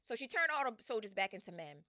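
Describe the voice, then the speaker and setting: Casual female podcast host, bright tone, slangy and animated, quick to laugh. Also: fairly high pitch, no room sound, studio quality. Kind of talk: casual storytelling.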